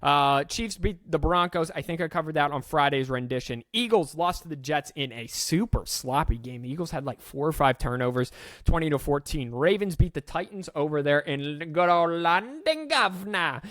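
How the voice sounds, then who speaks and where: Guy reading off game scores fast on his podcast, dry close mic, jokes to himself. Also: fairly high pitch, fairly bright tone, dry recording. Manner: rapid-fire score rundown with self-aware asides. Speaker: podcast host. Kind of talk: casual sports recap.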